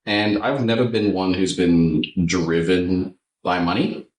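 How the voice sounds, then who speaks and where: A man's voice: deep voice, steady tone, slow pace, a little mellow, reverberant, far from the mic, low-quality recording. A man, a tattoo artist, chatting casually and animatedly, swearing freely with lots of fillers. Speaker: tattoo artist and podcast host. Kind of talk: casual chat.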